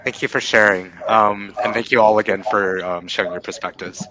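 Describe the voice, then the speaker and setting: A man's voice: fairly low pitch, fairly even intonation, brisk, noisy background. A man moderating an online panel, making brief, polite handovers.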